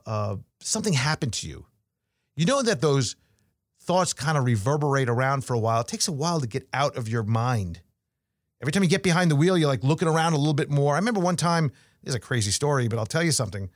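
A man's voice: medium pitch, no echo, clean studio sound. A man giving casual market commentary, conversational and chatty, with fillers, restarts and storytelling asides.

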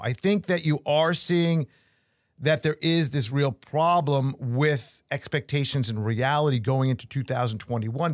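A man's voice: on the high side, no room sound, studio quality. A man giving casual market commentary, conversational and chatty, with fillers, restarts and storytelling asides.

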